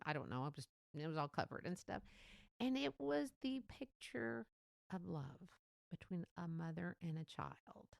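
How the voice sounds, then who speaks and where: A woman's voice: medium pitch, gravelly, clean tone, no room sound, clean studio sound. A woman hosting her podcast, chatting in a rambling way, laughing often and acting out what people said. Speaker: podcast host. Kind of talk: casual monologue.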